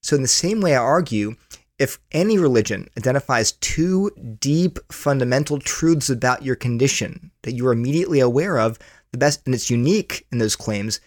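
A man's voice: medium pitch, moderate pace, no room sound, studio quality. A man answering interview questions about his book, earnest and explanatory, often repeating words as he thinks. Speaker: author and guest.

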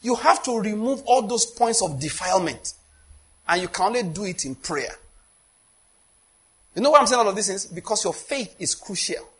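A Nigerian-accented man preaching, his voice pitched high for a man and a little husky. He tells stories in a loose, chatty way and slips into quoted dialogue. He keeps asking the listeners whether they get his point. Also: expressive, moderate pace, long pauses, fairly bright tone. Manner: storytelling with quoted dialogue, conversational. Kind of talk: sermon.

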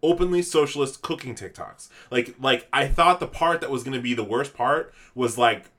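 A man's voice: medium pitch, lively intonation, moderate pace, fairly bright tone. A man hosting a casual podcast, telling a long rant with laughter and swearing. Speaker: podcast host.

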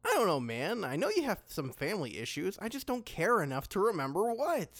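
A man's voice: high voice, huge pitch swings, brisk, exaggerated voice. A man plays a goofy skeleton sidekick who cracks puns and does not care much about anything. His voice rises and falls a lot as he jokes. He talks in a loose, laid-back way. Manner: laid-back, joking and careless. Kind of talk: comedy voice acting.

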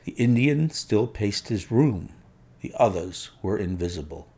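A man narrating an audiobook in a measured storytelling manner, his voice dropping at clause ends. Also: on the low side, expressive, warm tone, breathy edge. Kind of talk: scripted narration.

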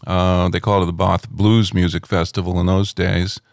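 A middle-aged man, a rock critic, telling anecdotes in a relaxed interview at home, rambling with many fillers. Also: sits low, normal speed, no room sound, studio quality.

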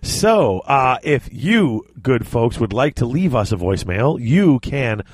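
A man's voice: mid-range voice, expressive, unhurried, breathy edge, no echo. Laid-back man co-hosting a podcast. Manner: easygoing, trails off and restarts, laughs often. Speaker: podcast co-host. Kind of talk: casual chat.

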